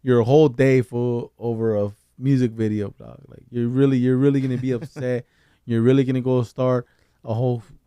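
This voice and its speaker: A man who is a comedian, talking in a slangy, animated way as a guest on a casual podcast. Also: mid-range voice, fairly quick, clean tone, dry recording. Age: adult with kids. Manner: slangy and animated, calls people fool and dog.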